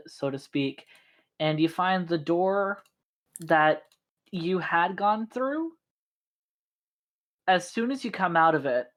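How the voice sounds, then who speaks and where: A woman narrating a tabletop game as game master, in slow, halting narration with fillers. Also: sits low.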